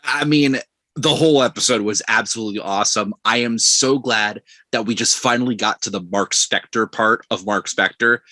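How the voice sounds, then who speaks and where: A man with a low, bright voice gushes about an episode on a casual podcast. He sounds excited and quick to laugh, and the sound is dry and close. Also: no echo. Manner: enthusiastic. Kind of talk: casual roundtable chat.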